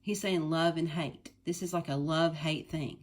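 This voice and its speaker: A middle-aged woman teacher retelling a play for her students in a chatty, paraphrasing way, often clearing her throat. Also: deep voice, steady tone, normal speed.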